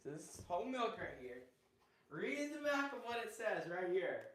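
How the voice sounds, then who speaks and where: A man with a high-pitched voice acts as a playful co-host, giggling as he jokes with his partner. He sounds light and unserious. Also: sing-song, moderate pace, fairly bright tone.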